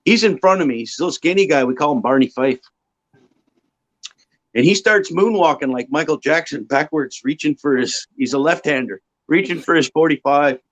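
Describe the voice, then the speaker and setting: A man in a casual chat telling lively travel anecdotes and acting out the sound effects. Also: a little high, moderate pace, poor audio.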